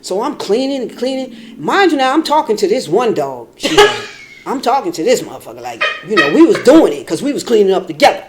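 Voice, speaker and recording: A woman vlogging in casual talk, rambling and animated, dropping from quiet and low to loud outbursts, swearing freely. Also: a little fast, noisy background. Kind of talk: casual storytelling.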